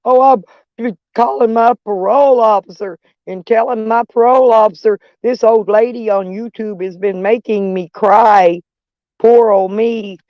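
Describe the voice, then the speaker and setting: A woman's voice: a little high, fairly even intonation, measured pace, dry recording, voice pushed up, close to an everyday voice. Whiny male tattletale in sing-song mockery, done by an older woman, lo-fi. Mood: whining. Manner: mocking sing-song whine. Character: whiny self-pitying male snitch.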